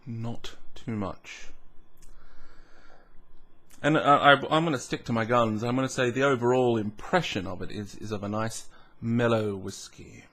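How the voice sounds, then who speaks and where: A man's voice: medium pitch, unhurried, a bit bright. A man hosting a casual tasting vlog, musing aloud with hums, restarts and self-mocking asides. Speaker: whisky reviewer.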